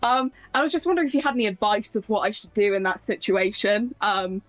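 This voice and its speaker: A woman's voice: medium pitch, fast, no echo. Giggly female caller on a dull line. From southern England. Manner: polite, giggly, uses many fillers. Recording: dull lo-fi call audio.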